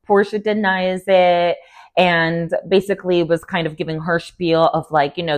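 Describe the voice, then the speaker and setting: A young woman talks through a reality TV episode in a loose, gossipy recap. Her voice sits a little on the lower side. She chats casually and breaks into quick, playful quotes of the people she is describing. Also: steady tone. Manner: chatty and gossipy, with sudden playful quoting. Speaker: TV recap vlogger.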